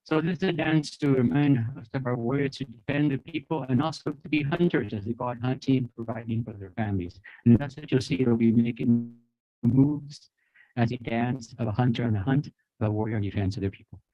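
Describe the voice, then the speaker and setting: A man from the Apache nation of North America emcees a dance at an outdoor festival, friendly and teaching, giving the crowd phrases to repeat. His mid-range voice is mellow and a little fast. The recording is dry and dull.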